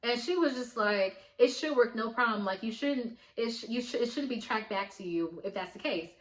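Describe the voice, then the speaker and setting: A woman's voice: on the high side, normal speed, echoey room, rough recording. Chatty young woman telling a storytime. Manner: animated, chatty storytelling with slang and swearing. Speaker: vlogger. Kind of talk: storytime vlog.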